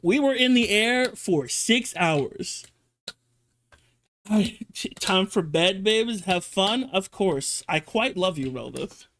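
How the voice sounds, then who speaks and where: High-voiced streamer telling stories. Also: male voice, takes it slowly, slight background noise. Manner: animated, swearing, exaggerated. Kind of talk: casual chat and storytelling.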